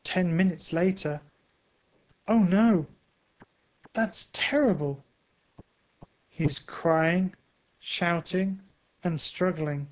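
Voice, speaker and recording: Very slow, clear male storyteller. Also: fairly high pitch, rough recording. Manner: slow, clear, simple phrasing. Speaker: narrator.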